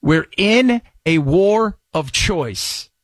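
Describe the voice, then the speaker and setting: A man's voice: high voice, expressive, very slow, dry recording. A man hosting a talk radio show, ranting with sarcasm and indignation. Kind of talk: opinionated talk radio monologue.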